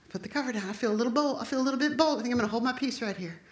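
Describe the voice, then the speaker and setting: A woman preaching a sermon, impassioned and building to forceful declarations. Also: a little high, racing, pauses often, echoey room.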